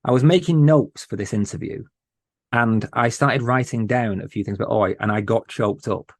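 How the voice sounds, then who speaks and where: A man guest on a podcast, talking in an earnest, emotional way with many halting restarts. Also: mid-range voice, dry recording, clean studio sound. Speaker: podcast host, interview guest. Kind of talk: casual interview chat.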